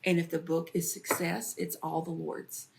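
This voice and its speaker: A woman's voice: low voice, moderate pace, creaky. A woman comedian and author, telling stories in an interview and slipping into voices when she quotes family. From American South. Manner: storytelling, animated when quoting family. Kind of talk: interview conversation.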